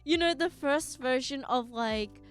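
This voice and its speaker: A woman's voice: high voice, measured pace, soft background music. A young woman streaming live, chatting casually to her viewers in a rambling way and giggling often.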